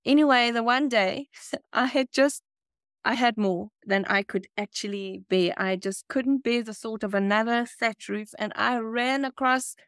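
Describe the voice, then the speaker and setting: A woman's voice: on the high side, fairly bright tone, clean tone, no room sound, studio quality. A woman guest from South Africa telling a personal faith story, emotional and laughing often as she talks.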